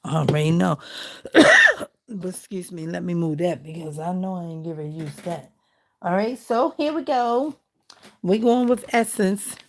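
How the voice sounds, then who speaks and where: A woman's voice: fairly low pitch, a little mellow. A middle-aged woman chatting casually and rambling to her viewers while she crafts. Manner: chatty, rambling, talks to viewers as girl and y'all. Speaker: crafting vlogger.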